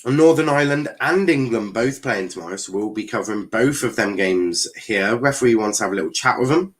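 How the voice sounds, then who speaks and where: A man's voice: on the low side, a little fast. A man hosting a live football watchalong, giving casual commentary on the match and answering chat with blunt, sweary reactions. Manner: animated, sweary, reacts to play and chat messages. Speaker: watchalong streamer host.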